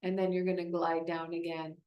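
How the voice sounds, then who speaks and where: A woman's voice: fairly low pitch, little pitch movement, a little fast, reverberant, muffled recording. A woman speech therapist leading a group through voice exercises, encouraging and explaining each step.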